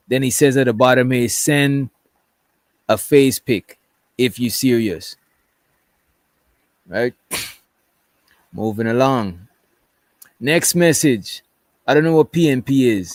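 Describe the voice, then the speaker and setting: A man's voice: medium pitch, a little mellow, no echo. A man doing casual livestream commentary, reading text messages aloud in a rambling way and often checking in with "right?". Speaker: commentary streamer.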